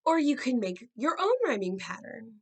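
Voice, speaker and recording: A woman hosting an educational show, narrating a lesson on sonnets in a clear, measured way and reading poems aloud. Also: fairly high pitch, sing-song, darkish tone, poor audio. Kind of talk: scripted narration and poetry reading.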